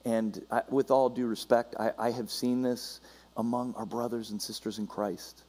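Male pastor, mid-pitched, conversational sermon delivery with restarts, recorded in a long-reverb church hall. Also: level tone, normal speed, mellow. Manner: conversational preaching with frequent restarts and asides.

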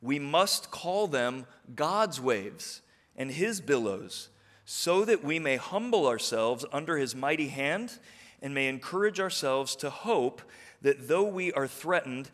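A middle-aged male pastor delivers a sermon to his congregation, his voice sitting a little high for a man. He shifts between soft, earnest reflection and rousing calls to the room, and a long church reverb trails each phrase. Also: animated, slow. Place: church sanctuary.

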